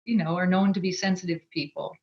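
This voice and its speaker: A woman's voice: on the low side, steady tone, fast talker, darkish tone, highs cut off. A woman author talking as a podcast guest, earnest and reflective, often restarting her sentences. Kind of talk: podcast interview conversation.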